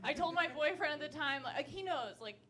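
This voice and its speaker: High-voiced woman doing stand-up. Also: fairly quick. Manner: self-deprecating, animated, laughing between lines. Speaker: stand-up comedian. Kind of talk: stand-up set. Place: comedy club stage with audience. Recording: club recording with crowd laughter. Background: audience laughter.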